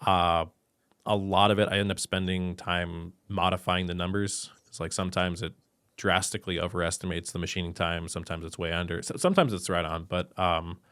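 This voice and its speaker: Exasperated low-voiced man ranting. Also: steady tone, brisk, fairly bright tone, smooth, no echo. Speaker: machine shop co-owner, guest. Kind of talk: casual podcast conversation.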